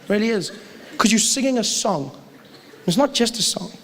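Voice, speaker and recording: A man's voice: sits high, animated, moderate pace. A man performing stand-up comedy with a punchy, emphatic delivery. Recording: live show with loud roaring crowd.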